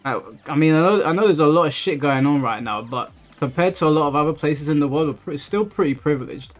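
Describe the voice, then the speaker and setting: A man's voice: fairly high pitch, fast talker, faint music behind. A man hosting a gaming livestream, chatting bluntly and profanely with viewers. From England. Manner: blunt, profane, animated retelling. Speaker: livestream host. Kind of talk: casual chat reading viewer messages while gaming.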